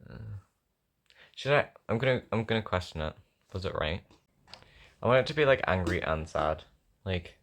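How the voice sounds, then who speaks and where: Deep-voiced yet fairly bright in tone, a young man speaks expressively at a moderate pace, leaving long pauses. He's at home with a sore throat, writing a song and chatting casually in a rambling, self-mocking, think-aloud way.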